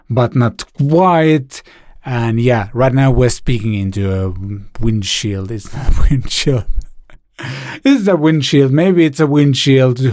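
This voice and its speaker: A man's voice: fairly high pitch, darkish tone, no room sound. A man reviewing microphones in a casual demo, with a playful, rambling, self-mocking manner, speaking into a studio condenser mic. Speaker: gear reviewer. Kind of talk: casual product demo chat.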